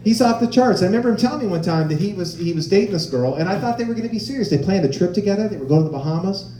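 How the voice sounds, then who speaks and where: A man in his forties performing stand-up comedy, telling stories in an animated way and acting out the voices of people he quotes. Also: high voice, racing, slight background noise. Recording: roomy live-venue sound.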